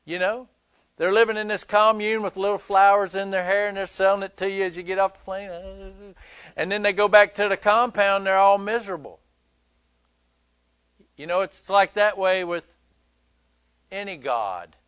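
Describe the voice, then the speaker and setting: A man's voice: high voice, normal speed, pauses often, fairly bright tone, clean tone, no echo. A male pastor preaching a sermon in a conversational, emphatic way, joking with his listeners.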